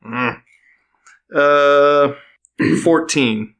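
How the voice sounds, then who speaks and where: A man's voice: fairly high pitch, extremely slow, background noise. A man playing a tabletop game, chatting loosely and telling stories full of "like". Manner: loose, storytelling banter full of "like". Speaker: player. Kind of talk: casual chat at a game table.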